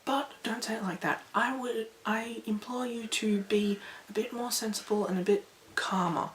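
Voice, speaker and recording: A woman vlogging to her viewers in a chatty, rambling, animated way. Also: a little high, moderate pace. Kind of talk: casual talk to camera. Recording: echoey room, faint background noise.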